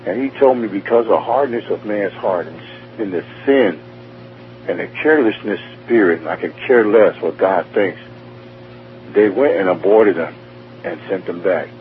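A man's voice: deep voice, normal speed. A man earnestly telling his near-death testimony as a guest, often repeating and restarting his words. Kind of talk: emotional personal testimony. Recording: tinny phone line with faint hum.

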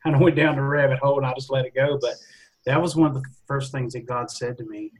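A man in a Bible study group sharing a personal testimony in a halting, conversational way. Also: mid-range voice, steady tone, slightly rough, low-quality recording.

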